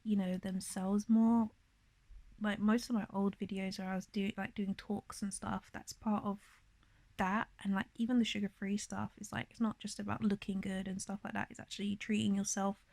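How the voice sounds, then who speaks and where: A woman vlogs from her bed in a hushed, half-whispered voice, rambling through her thoughts with lots of fillers. She sounds upset and in pain, at a middling pitch, and the sound is dry and close, with no room echo. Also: gravelly. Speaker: vlogger. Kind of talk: casual confessional vlog. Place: in bed, indoors.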